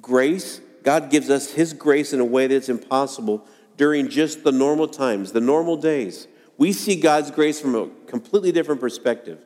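A man preaching a sermon to a congregation, earnest and dramatic, acting out quoted lines with pauses. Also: medium pitch, darkish tone. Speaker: pastor. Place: church sanctuary. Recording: long hall reverb.

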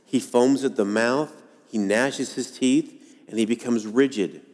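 A man preaching a sermon to a congregation, earnest and dramatic, acting out quoted lines with pauses. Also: mid-range voice, a little mellow. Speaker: pastor. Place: church sanctuary. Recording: long hall reverb.

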